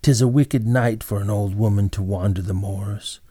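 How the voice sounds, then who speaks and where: A man doing a hoarse disguised robber. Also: fairly low pitch, fairly even intonation, moderate pace, dark tone, dry recording, studio quality. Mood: pleading. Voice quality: hoarse, rasping. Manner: feeble, pleading, then sly. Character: hooded robber disguised as old woman, hoarse.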